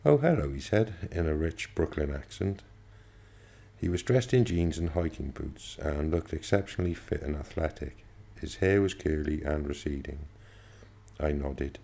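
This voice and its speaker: A man reading a first-person novel aloud as an audiobook, in a steady, measured manner. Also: a bass voice, vocal fry. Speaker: audiobook reader.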